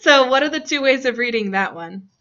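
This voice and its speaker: A woman teacher with a bright, lightly high voice leads a grammar lesson in a classroom. She laughs often and asks her students friendly questions. The recording is dull and lo-fi. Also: expressive, brisk.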